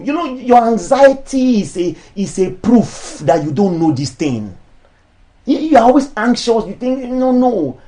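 A man, a pastor, preaching a sermon, stretching out key words slowly and then rushing through quick asides. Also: fairly high pitch, darkish tone. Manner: preaching with shifting emphasis, slow drawn-out lines then fast asides.

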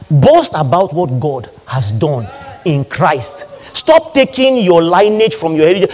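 A man preaching a sermon in an animated call-and-response manner, leading the congregation in repeating his words. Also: fairly high pitch, brisk, breathy edge.

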